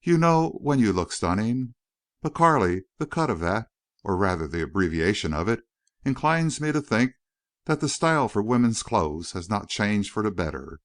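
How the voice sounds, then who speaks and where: A man reading the part of a big, earnest, warm-hearted young rancher in an audiobook. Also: fairly low pitch, very animated, normal speed, no echo, studio quality.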